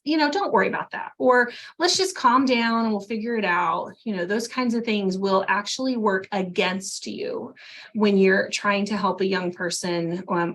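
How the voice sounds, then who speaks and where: A woman gives a webinar talk in an unhurried, conversational manner. She explains each point patiently. Her voice sits at an ordinary middle pitch for a woman. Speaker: webinar presenter.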